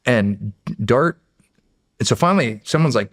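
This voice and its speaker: A man's voice: fairly low pitch, normal speed, vocal fry, dry recording, studio quality. A middle-aged American man and podcast guest who tells stories casually and animatedly, acting out the voices. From United States. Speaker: podcast guest, former Navy SEAL. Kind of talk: casual storytelling.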